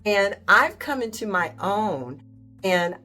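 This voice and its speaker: A woman's voice: medium pitch, animated, slow pace, sharp tone, faint music behind. A woman hosting a faith-based motivational talk, speaking in a direct, emphatic way and often asking "right?". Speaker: host.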